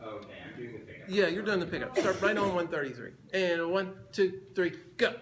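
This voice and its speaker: At a band rehearsal, a man with a high-sitting voice and lively intonation counts the players in and sings phrases to demonstrate. He speaks briskly as the band plays in the room.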